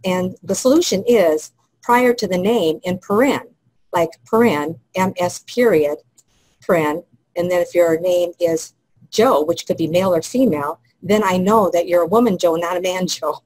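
A woman on a webinar panel explaining business etiquette in a measured, instructive way. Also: on the low side, darkish tone, no echo, rough recording. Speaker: protocol expert panelist.

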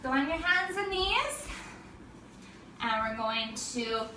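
A woman's voice: high voice, animated, takes it slowly, bright, forceful tone, echoey room, distant mic, slight background noise. A woman teaching a family yoga class for children, giving cheerful, encouraging instructions and making animal sounds.

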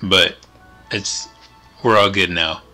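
A man's voice: low voice, fairly even intonation, slow pace, sharp tone, soft background music. A man hosting his gaming channel, talking casually over gameplay and rambling with lots of fillers and trailing thoughts. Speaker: channel host.

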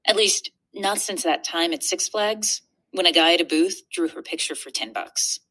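A woman reading a children's book aloud in an expressive, animated storybook narration. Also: on the low side, moderate pace. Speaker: reader.

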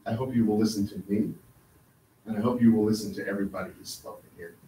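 A man's voice: lowish voice, steady tone, fast, warm tone, slight background noise. A man speaking at a public hearing, earnest and insistent as he confronts officials. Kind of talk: public comment at a council meeting. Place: council chamber. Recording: echoey hall, mic from a distance.

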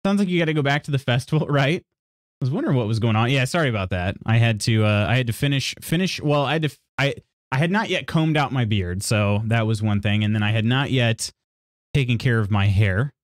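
A man chatting on a stream in a dry, close voice, with pitch that swings up and down. He rambles through half-finished sentences, apologizes and laughs often. He reads chat messages aloud. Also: lively intonation, a little fast, no echo. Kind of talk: casual chat with viewers.

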